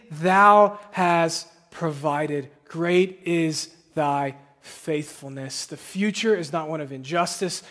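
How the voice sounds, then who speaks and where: A man delivers a sermon in a church, earnest and at times impassioned. His voice sits high for a man and he takes his time. The sound carries the long reverb of a large hall. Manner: earnest, rising to impassioned pleading. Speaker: pastor. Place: church sanctuary.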